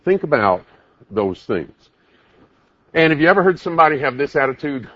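Husky man preaching with lively emphasis. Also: on the high side, normal speed, long pauses, no room sound, muffled recording. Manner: emphatic, asks many rhetorical questions. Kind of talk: sermon.

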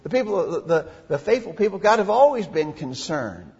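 Preacher, male, slightly high and husky, earnest and emphatic, dull lo-fi recording. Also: big pitch swings, a little fast, a little mellow. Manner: earnest, emphatic, reads scripture aloud. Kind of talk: sermon. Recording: dull lo-fi recording in a reverberant hall.

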